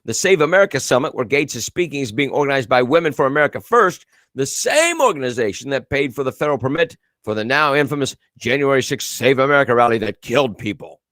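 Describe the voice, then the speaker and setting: A man's voice: medium pitch, animated, fast, fairly bright tone, dry recording, clean studio sound. A man hosting a casual live commentary show, reading viewer comments and news aloud with a sarcastic edge. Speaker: host.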